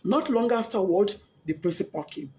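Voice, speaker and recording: A woman's voice: medium pitch, expressive, moderate pace, darkish tone. A Nigerian woman, a grieving mother, giving a tearful, distraught testimony, pleading and repeating herself in rising outbursts. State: crying, distraught. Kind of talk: emotional testimony.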